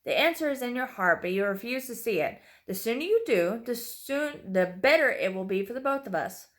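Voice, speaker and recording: A sadistic male captor in a horror storybook tale, taunting his prisoner with slow, menacing threats, played by a woman reading aloud. His voice is pitched up and sneering, cold amusement under every word. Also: lively intonation, a bit bright. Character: sadistic mocking male captor, cruel and calm.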